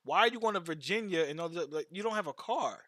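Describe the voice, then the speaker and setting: A fast-talking man with a fairly high, fairly bright voice and lively intonation chats casually on a stream. His long stories are slangy and loose, with repeated words and false starts. The studio-quality audio has no room sound.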